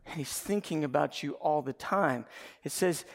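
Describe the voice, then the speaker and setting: A man preaching a lively sermon with humor and quick asides. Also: a little high, in a large hall. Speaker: pastor.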